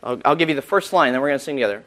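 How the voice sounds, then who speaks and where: A man's voice: medium pitch, lively intonation, rapid-fire. A man teaching a church class about hymn tunes, talking casually, with fillers, and humming short melody examples.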